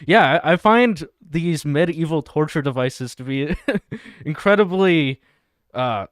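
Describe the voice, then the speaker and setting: Male stream host, crude and laughing, slightly high smooth voice, dry mic. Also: lively intonation, slow, no room sound. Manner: laughing, crude, reading chat and video text aloud. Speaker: livestream host. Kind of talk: satirical livestream commentary.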